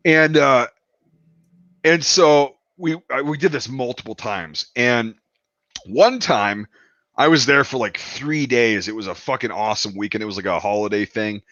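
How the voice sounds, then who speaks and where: A man's voice: medium pitch, moderate pace, fairly bright tone, no echo. A man casually telling a long, profane anecdote on a podcast. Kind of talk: casual storytelling. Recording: dull, dry lo-fi sound.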